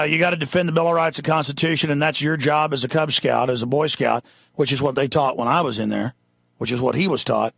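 A man's voice: on the high side, creaky, fairly bright tone, no echo, highs cut off. Indignant ranting male talk radio host. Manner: ranting, indignant, reads news items aloud. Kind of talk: impassioned talk radio monologue.

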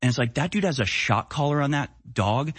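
A man's voice: mid-range voice, expressive, a little fast, fairly bright tone, husky, no echo. A man hosting a live-stream political commentary show, talking bluntly and heatedly in a casual way.

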